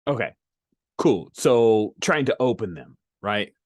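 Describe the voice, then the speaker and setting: A man runs a tabletop role-playing game in an easygoing, chatty way, often checking that his players are on board. His voice sits low and sounds dry and close. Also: lively intonation, slow pace, dry recording. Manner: casual, chuckling, checks in with players. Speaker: game master. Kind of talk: running a tabletop game online.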